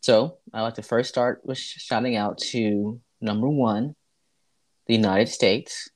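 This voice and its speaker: Male co-host, mid-pitched, playful mock-formality, easygoing. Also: fairly even intonation, unhurried. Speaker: podcast co-host. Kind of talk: casual comedic banter.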